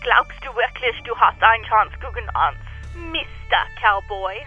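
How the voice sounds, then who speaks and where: Woman doing a mocking villainess, bright, breathy, lo-fi dull sound. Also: on the high side, animated, normal speed, faint music behind, heavily acted. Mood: taunting. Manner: mocking, taunting. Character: sneering female villain taunting the hero.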